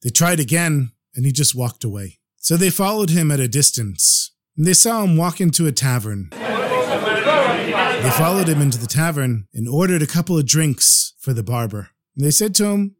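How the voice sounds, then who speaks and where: A man telling a story on his podcast, animated and acting out each character. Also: a little high, moderate pace.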